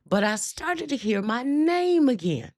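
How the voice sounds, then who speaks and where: Lively woman telling a testimony. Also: high-pitched, measured pace. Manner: animated storytelling with dialect. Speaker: host. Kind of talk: live-stream testimony.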